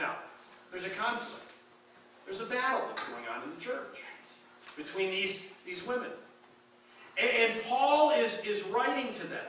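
A man preaching with a high, bright voice that swings between quiet reflection and emphatic force. The sound is heard from a distance in a very echoey church sanctuary, with a faint noise floor under it. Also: lively intonation, a little slow, pauses often. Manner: emphatic preaching with rising and falling intensity. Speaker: pastor. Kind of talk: sermon.

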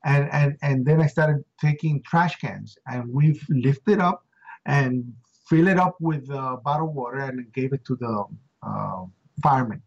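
A man's voice: a little slow, creaky. A middle-aged man from Puerto Rico recounting an eyewitness story with emotion, acting out the voices of people he quotes. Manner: acts out quoted voices with rising pitch. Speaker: interview guest. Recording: dull lo-fi recording.

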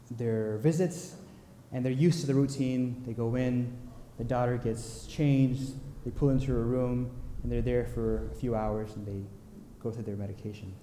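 A man preaching a sermon, telling a story in an earnest, unhurried way with pauses. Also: medium pitch, dark tone, slight background noise. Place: large church sanctuary. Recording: echoey church hall with long reverb.

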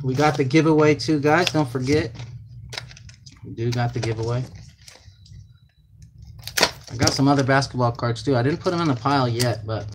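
A man's voice: medium pitch, moderate pace, long pauses, background noise. A man hosting a card break, calling out card names and numbers in chatty, casual talk, sounding flustered and distracted. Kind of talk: casual card-opening commentary.

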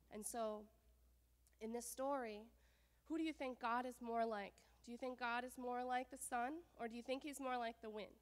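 A woman telling a children's story during a church service, lively and often asking the children questions. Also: fairly high pitch, normal speed. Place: church sanctuary. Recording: long church reverb.

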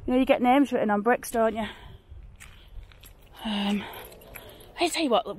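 Oldham lady rambling on her walking tour, bit high voiced, phone cam outside, faint traffic. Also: normal speed, long pauses. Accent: Oldham, with creeping Yorkshire. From Oldham, northwest England. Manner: chatty, exclamatory, rambling. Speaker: vlogger. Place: outdoors on streets. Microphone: handheld phone camera.

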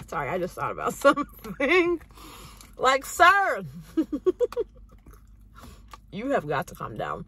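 Speaking on the low side with slight background noise, a young woman tells stories to her camera in a sassy, animated vlog style. She performs the voices of people she quotes.

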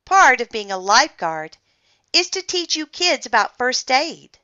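An upbeat male lifeguard from a children's storybook, put on by a woman reader, explaining first aid to a group of kids. The voice is bright and lively, and the delivery is unhurried. The recording is dry and a little muffled. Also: high-pitched, voice pushed up, heavily acted. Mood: instructive. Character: cheerful adult male lifeguard teacher.

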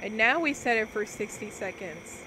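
A woman's voice: mid-range voice, lively intonation, moderate pace, background noise. A young woman casually commentating on a cooking game she is streaming, talking playfully to her viewers as she plays.

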